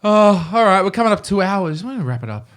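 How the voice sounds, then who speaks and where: A man's voice: high-pitched, sing-song, quick pace, fairly bright tone, slight background noise. A man co-hosting a casual podcast chat over beers, ranting emphatically and swearing freely. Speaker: podcast co-host.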